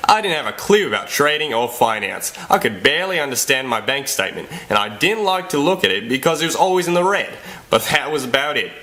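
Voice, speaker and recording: A man's voice: mid-range voice, very animated, brisk, pushed and bright. A man with an Australian accent giving a chummy, laughing testimonial over a video call. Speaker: testimonial caller.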